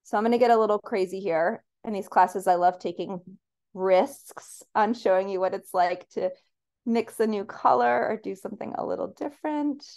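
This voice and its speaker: A woman's voice: medium pitch, moderate pace, vocal fry, darkish tone. A woman leading a paint-and-sip class, giving upbeat, encouraging step-by-step instructions as she paints.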